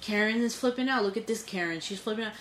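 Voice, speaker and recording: A woman co-hosting a casual podcast chat, telling stories in an animated, indignant way with some swearing. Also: medium pitch, fast, roomy sound, noisy background. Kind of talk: casual conversation.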